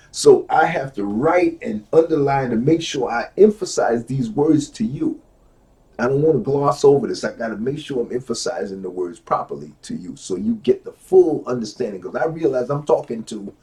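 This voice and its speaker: Reading a lecture from a book, this middle-aged man repeats the important phrases slowly. His delivery lurches from quiet asides to loud exclamations.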